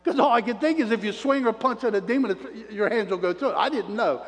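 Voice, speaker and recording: A man preaching his testimony as an animated storyteller, folksy and plain-spoken, calling out to the congregation. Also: high-pitched, quick pace. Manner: animated storyteller with preacher call-outs to the crowd; folksy self-described redneck talk. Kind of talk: sermon testimony. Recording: long reverb of a large hall.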